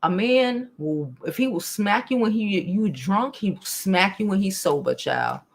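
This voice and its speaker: A young woman hosts a laid-back live stream, speaking bluntly, swearing freely, and reading chat comments out loud with plenty of animation. Her voice is medium in pitch, a touch slow, and creaky.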